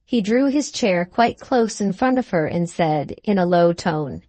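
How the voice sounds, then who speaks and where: A woman reading a classic novel aloud as an audiobook narrator, in a measured storytelling manner. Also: lowish voice, expressive, dark tone, dry recording. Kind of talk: scripted narration.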